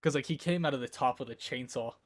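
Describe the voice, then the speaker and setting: A man's voice: mid-range voice, quick pace. A man in his twenties chatting casually on a live stream from home, rambling and often breaking into laughter. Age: 20s. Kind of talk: casual chat. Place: indoor room at home.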